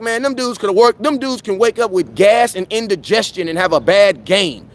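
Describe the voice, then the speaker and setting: A young man hosting a live fan show, talking sports in a slangy, animated, preaching way with lots of repetition. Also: high voice, normal speed, hardly any pauses. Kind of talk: casual live-stream sports talk.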